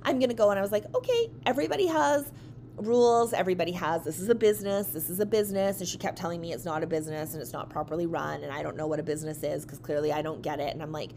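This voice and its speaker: A woman's voice: deep voice, very fast, few pauses, a little hiss or hum. A woman who owns a dance studio, telling a story in a casual chat and acting out the voices of the people she quotes. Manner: animated, acts out quoted voices.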